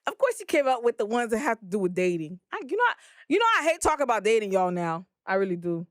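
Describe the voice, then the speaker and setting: A woman's voice: medium pitch, sing-song, fast, dry recording, studio quality. A young woman co-hosting a casual podcast, frank and blunt, laughing easily. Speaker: podcast co-host.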